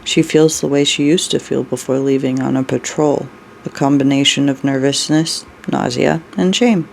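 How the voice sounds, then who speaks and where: A storyteller reading a dark story aloud, unhurried, with brief personal asides. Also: mid-range voice, steady tone, vocal fry, slight background noise, low-quality recording.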